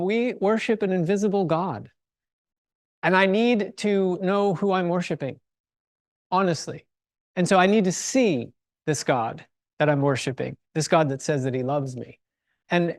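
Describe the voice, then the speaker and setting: A middle-aged chapel speaker talks to a live audience in a relaxed, excitable way. The voice sits at an ordinary middle pitch and sounds close and dry, with no room echo. The talk is full of asides and jokes at the speaker's own expense. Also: moderate pace. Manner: enthusiastic, chatty, self-deprecating humor. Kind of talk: casual faith and science talk. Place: university building, before a live audience.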